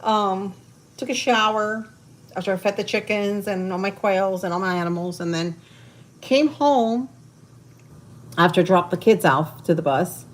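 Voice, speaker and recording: A woman's voice: mid-range voice, a little slow, slight background noise. A woman hosting a casual cooking livestream from her home kitchen, chatting with viewers as she cooks. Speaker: livestream host. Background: frying and sizzling in a kitchen.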